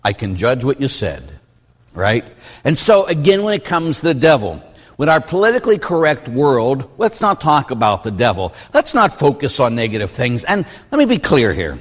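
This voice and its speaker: A middle-aged man, a Catholic priest, teaching a class in an informal, animated way and acting out the voices he quotes. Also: mid-range voice, normal speed, big-room sound.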